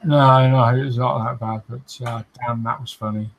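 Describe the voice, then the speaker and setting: A man's voice: mid-range voice, fairly even intonation, normal speed, vocal fry, slight background noise, poor audio. A man hosting a modelling livestream, chatting casually and reading out viewer comments, often laughing, with lots of fillers and restarts.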